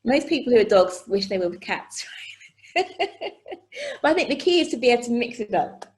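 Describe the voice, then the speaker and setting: A woman presenting an online workshop over a video call, chatty and animated, often checking in with "okay?" and "right?". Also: fairly high pitch, normal speed. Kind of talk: live online workshop teaching.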